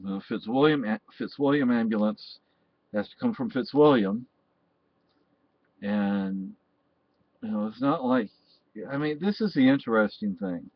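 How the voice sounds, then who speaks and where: A man's voice: mid-range voice, lively intonation, unhurried, pauses often. A man from Texas, talking in a rambling personal monologue that often restarts and repeats phrases. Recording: dull, dry lo-fi recording.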